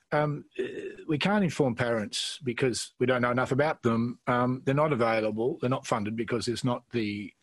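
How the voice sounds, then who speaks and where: A man's voice: medium pitch, husky, dry recording. Hesitant Australian man, dry sound. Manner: self-deprecating, hesitant, many fillers. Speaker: panel questioner. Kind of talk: conference discussion.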